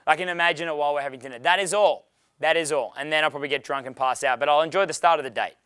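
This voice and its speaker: A man's voice: on the high side, very fast, fairly bright tone, clean tone, dry recording. A young man running a dating seminar Q&A, brash and profane, laughing often. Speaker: dating coach. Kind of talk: live seminar Q&A.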